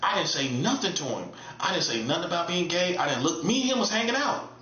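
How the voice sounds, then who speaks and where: Man, high bright voice, emphatic slangy monologue, echoey room, dull lo-fi recording. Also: big pitch swings, quick pace. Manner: emphatic, repetitive street slang. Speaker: online preacher. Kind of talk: casual monologue.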